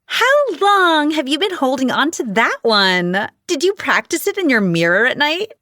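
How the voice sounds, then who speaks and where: A catty young woman, put on by a female audiobook narrator, taunts in a whiny falsetto baby voice, all fake sweetness. Her high, sing-song delivery swoops widely, dripping with mockery. The sound is close and dry. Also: sing-song, moderate pace, bright, forceful tone, no echo, heavily acted. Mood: mocking. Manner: mocking, sugary-fake friendliness.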